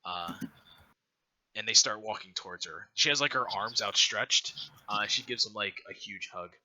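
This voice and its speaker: A man narrating a tabletop game as game master, talking in a halting way with frequent fillers and restarts. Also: lowish voice, pushed and bright.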